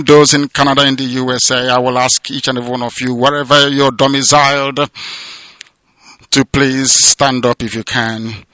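A man delivering an impassioned political radio address, declamatory and sermon-like, swinging between loud proclamations and hushed emotional passages. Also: medium pitch, flat delivery, moderate pace, no echo. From southeastern Nigeria. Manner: repetitive, sermon-like cadence. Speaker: radio broadcaster and movement leader. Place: abroad, away from home.

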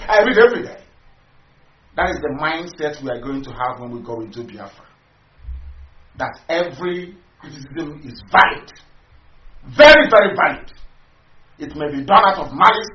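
High-voiced man preaching over roomy lo-fi audio. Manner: preachy, repetitive, asks listeners questions. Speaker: broadcaster addressing listeners. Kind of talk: impassioned political broadcast. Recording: roomy, distant, dull lo-fi audio with faint noise.

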